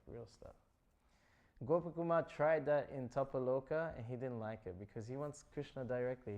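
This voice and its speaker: A man's voice: medium pitch, warm tone. A man giving a scripture class, retelling stories in a loose, chatty way full of "like" and "you know". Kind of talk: casual storytelling talk.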